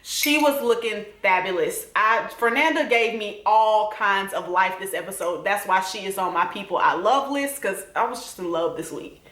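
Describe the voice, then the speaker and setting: A woman's voice: medium pitch, normal speed, fairly bright tone. A young woman with a Southern accent, chatting sassily to viewers in a casual TV recap. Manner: sassy, chatty, addresses viewers directly. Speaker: TV recap vlogger. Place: home room. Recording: roomy home echo.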